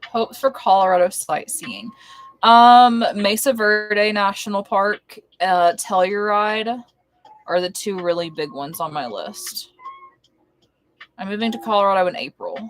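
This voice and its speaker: A woman's voice: mid-range voice, unhurried, no room sound, faint music behind, low-quality recording. A young woman chatting casually on a home live stream, rambling between topics and cooing baby talk to her cat. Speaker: livestreamer. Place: home, indoors.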